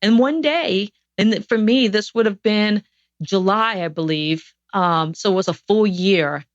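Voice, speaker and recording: A woman's voice: medium pitch, measured pace, no room sound. A woman guest on a podcast interview, telling a personal story in an earnest, reflective way with frequent restarts. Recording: dull, dry sound.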